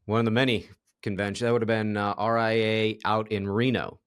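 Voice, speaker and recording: A man hosting a casual interview, telling a story in a relaxed way and laughing at his own anecdote. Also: fairly low pitch, brisk, clean tone, no room sound, clean studio sound. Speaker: podcast host.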